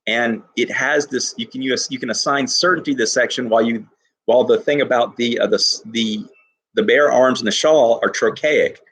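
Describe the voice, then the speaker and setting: A male teacher giving an enthusiastic poetry lesson to his class, reading lines slowly and stressing each syllable. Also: mid-range voice, a bit bright, breathy edge.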